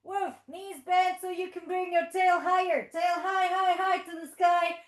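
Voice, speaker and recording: Woman, children's yoga teacher. Bright, high voice, playful and sing-song, in an echoey studio. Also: little pitch movement, measured pace. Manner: playful sing-song cues with barking and animal noises; encouraging step-by-step instruction. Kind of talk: leading a playful toddler yoga class. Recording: echoey room.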